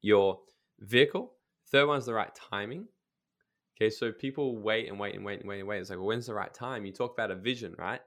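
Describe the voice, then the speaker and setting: A man's voice: lowish voice, fairly bright tone. Blunt, emphatic man telling a story. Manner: emphatic, blunt, casual swearing; storytelling with quick asides. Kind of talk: casual podcast chat.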